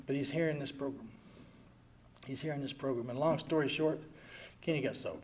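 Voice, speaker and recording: A man in his sixties giving an earnest personal recovery testimony, swinging from quiet heavy passages to loud wry ones. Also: medium pitch, a little fast, background noise. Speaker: speaker sharing at a recovery meeting.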